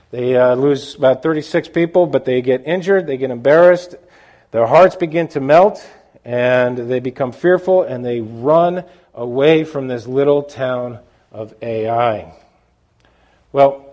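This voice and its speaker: A man's voice: a little high, warm tone. A middle-aged man preaching a sermon, asking his listeners questions and restarting sentences with fillers.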